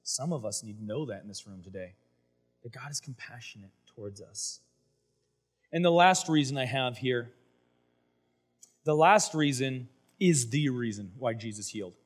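A man preaching a sermon, telling scripture stories in a casual, animated way with playful voiced asides. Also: medium pitch, normal speed, pauses often. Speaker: pastor.

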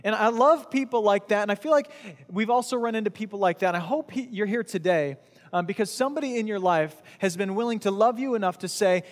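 A man's voice: sits high, a little fast. A man preaching a casual, conversational sermon, joking and bantering with his congregation. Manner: chatty, jokey, talks with the crowd. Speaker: pastor. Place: church hall with audience. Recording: long hall reverb.

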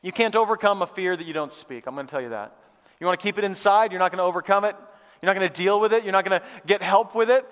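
High-voiced man preaching in an echoing hall. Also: quick pace. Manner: energetic, conversational, repeats phrases for emphasis. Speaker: pastor. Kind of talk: live church sermon. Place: church auditorium with congregation. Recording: long hall reverb.

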